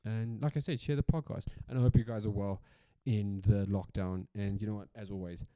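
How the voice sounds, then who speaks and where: A man's voice: fairly low pitch, fairly even intonation, fairly quick, dark tone, no echo. A South African man hosting a solo podcast in a casual, rambling rant, swearing freely and repeating himself for emphasis. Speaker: podcast host.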